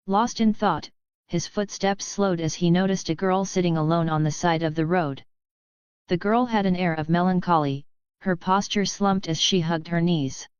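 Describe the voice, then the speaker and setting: A woman with a smooth, lowish voice narrates a web novel as an audiobook reader, delivering scripted narration at a moderate pace. The recording is dry, with dull lo-fi audiobook quality.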